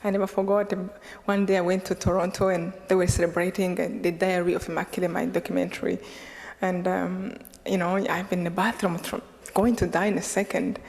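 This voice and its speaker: A woman from Rwanda, giving an animated public talk as a guest speaker and laughing often. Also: fairly low pitch, brisk. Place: large hall with an audience. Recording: long reverb of a large lecture hall.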